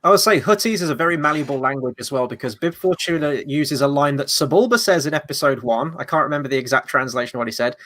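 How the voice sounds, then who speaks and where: A man co-hosting a film discussion show, talking in a quick, jokey way. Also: medium pitch, a bit bright, no room sound. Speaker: podcast co-host.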